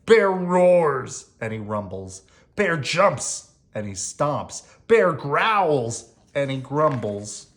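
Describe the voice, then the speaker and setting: A bedtime storyteller reading a children's picture book aloud, sing-song and hushing softly on the refrains. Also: mid-range voice, big pitch swings, slow.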